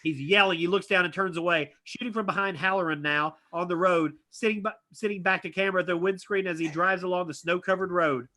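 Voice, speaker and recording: A man reading stage directions aloud at a live script reading, animated and tossing in asides. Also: high voice, brisk, hardly any pauses. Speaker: script reader.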